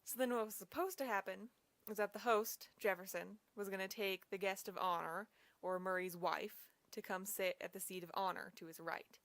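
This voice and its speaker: A woman's voice: medium pitch, steady tone, moderate pace, a bit bright, no echo. A young woman casually retelling a history story, chatty and full of fillers. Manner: chatty, lots of "like".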